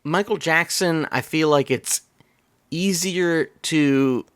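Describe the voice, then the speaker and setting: A man's voice: on the high side, takes it slowly, clear, resonant tone, dry recording, clean studio sound. A man co-hosting a comedy movie podcast, chatting casually and joking around. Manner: jokey, lively, dips into silly voices. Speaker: podcast co-host.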